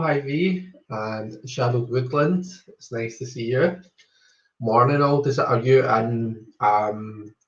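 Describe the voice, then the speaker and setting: A Scottish man hosting a tarot live stream, greeting viewers one by one in a rambling, casual chat full of ums. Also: medium pitch. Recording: roomy, slightly dull home stream audio.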